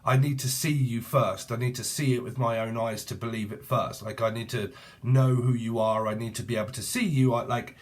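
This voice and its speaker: British guy in his 40s doing a tarot reading, jokey and sweary, goes off on tangents, ordinary mid-pitched voice. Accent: British English. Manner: jokey, swearing, rambling, bursts into sing-song. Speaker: tarot reader. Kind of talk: rambling casual tarot reading.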